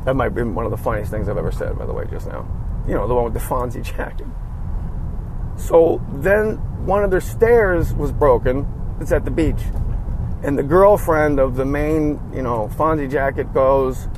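A man with a slightly high voice rattles through a casual comic story, profane and animated. He keeps breaking into laughter at his own tale. Faint traffic hums around him outdoors. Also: moderate pace, low-quality recording.

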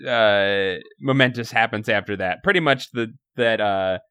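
A man co-hosting a podcast, recapping a story in casual chat, animated and laughing, often swearing. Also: lowish voice, normal speed, clean tone, dry recording, clean studio sound. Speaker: podcast co-host.

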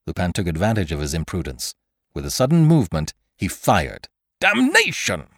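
A man narrating a classic adventure story in an expressive, dramatic audiobook style. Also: sits low, a little fast, slightly rough, dry recording, clean studio sound.

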